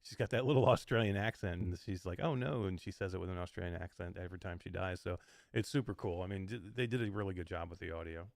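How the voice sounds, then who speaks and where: Low-voiced guy rambling on a game podcast, lots of likes and you knows, dry sound. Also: fast talker, gravelly, dry recording. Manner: rambling, with filler words like "like" and "you know". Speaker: podcast co-host. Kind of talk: casual game review chat.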